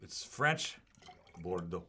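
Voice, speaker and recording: A man's voice: low-pitched, sing-song, takes it slowly, very noisy. A man hosting a wine tasting show, chatting casually and telling rambling, enthusiastic stories about wines and importers.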